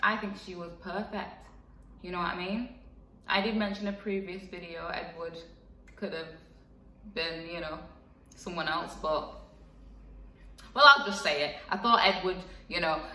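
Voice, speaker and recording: Young woman, casual vlog, frank and chatty, bright voice, roomy echo. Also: fairly low pitch, unhurried, pauses often, far from the mic, slight background noise. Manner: chatty, frank, lots of fillers and laughs. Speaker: vlogger. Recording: echoey room, voice a bit off-mic.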